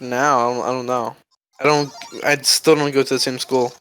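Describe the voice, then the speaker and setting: This podcast co-host is a teenage boy whose medium-pitched, fairly bright voice stays level at a normal speed. He rambles through a story for his friends, laughing a lot and performing quoted voices, with a little hiss or hum on the poor-quality recording.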